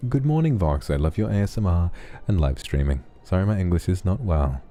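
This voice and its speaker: Very deep, dark-voiced man reading messages softly. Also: brisk. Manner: soft, affectionate, relaxed. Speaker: streamer reading viewer donations. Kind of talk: sleepy ASMR donation reading.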